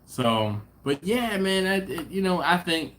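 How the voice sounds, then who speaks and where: A middle-aged man hosts a barbecue live stream in a relaxed, chatty way, full of slang. He speaks slowly and unhurriedly. His tone stays casual as he reads out viewer comments. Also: high voice, slight background noise. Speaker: barbecue channel host.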